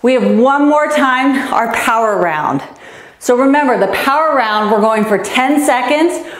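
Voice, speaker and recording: A breathless woman coaches a youth tennis class on an energetic fitness live stream, exercising as she counts down and cheers the kids on. Her high, expressive voice keeps a measured pace and echoes around the room.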